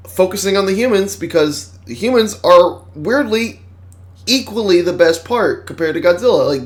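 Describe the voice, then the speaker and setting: A man giving a casual movie review, rambling, excitable and swearing freely. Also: fairly high pitch.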